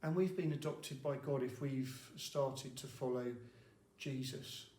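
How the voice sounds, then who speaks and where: A man gives a brief devotional talk as a church minister, relaxed and wry, often pausing on fillers. His voice sits at an ordinary middle pitch. The room around him rings with a noticeable echo. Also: a little hiss or hum. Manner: conversational and wry, with frequent fillers. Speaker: lead minister. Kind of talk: short midweek devotional talk. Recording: echoey room.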